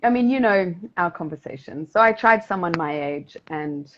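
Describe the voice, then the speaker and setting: A woman with a South Australian accent, co-hosting a podcast in casual chat, bubbly and quick to laugh as she tells stories. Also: fairly low pitch, animated, muffled recording, slight background noise. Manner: bubbly, laughs often, chatty storytelling. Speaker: podcast co-host.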